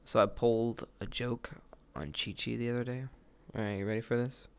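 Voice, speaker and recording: A man's voice: medium pitch, fairly even intonation, fairly quick, clear, resonant tone. A man live streaming, telling stories in casual chat, laughing and swearing often.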